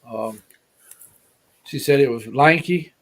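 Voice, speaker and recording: A man's voice: medium pitch, slow pace, a bit bright. A man with an Alabama Southern accent, a guest telling a story in a casual, folksy, rambling way and repeating himself.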